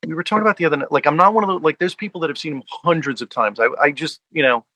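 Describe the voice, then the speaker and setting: A guest who is a fan and collector, a man from the US tri-state area, tells stories in a casual sit-down chat, full of fillers. He talks very fast in a voice on the high side with a sharp tone, and the audio is poor with no echo.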